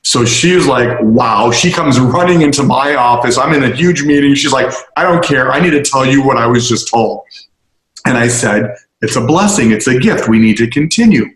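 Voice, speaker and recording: A man telling a story to a group in an earnest way, slowing down to stress key moments. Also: mid-range voice, lively intonation. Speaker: speaker addressing a group. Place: on location, roomy space. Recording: roomy echo.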